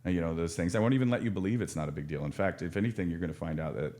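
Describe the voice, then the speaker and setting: Man, addiction counselor; deep voice, frank and earnest, lots of restarts. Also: rapid-fire, warm tone. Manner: earnest, frank, with many restarts and casual swearing. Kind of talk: casual podcast conversation.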